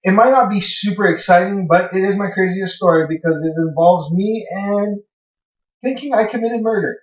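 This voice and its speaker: Young male co-host, slightly high voice, loose swearing storyteller; dull lo-fi sound, distant from the mic. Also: normal speed. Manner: rambling, swears freely, acts out his own past lines. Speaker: podcast co-host. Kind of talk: casual storytelling. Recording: echoey room, far from mic, dull lo-fi.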